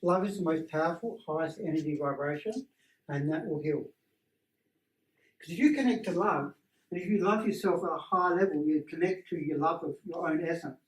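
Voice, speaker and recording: A man leading a workshop, telling stories in a lively, animated way and acting out voices. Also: fairly high pitch, a little fast. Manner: animated storyteller who acts out voices. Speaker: energy healing workshop presenter. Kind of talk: casual teaching talk to a small group. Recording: roomy, distant room mic.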